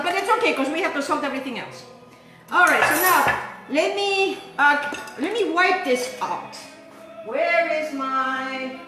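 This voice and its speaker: A woman's voice: high-pitched, unhurried, sharp tone, echoey room, faint music behind. An Italian-accented woman hosting a home cooking show, chatty and playful, talking to viewers as she cooks. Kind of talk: casual cooking demonstration. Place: home kitchen.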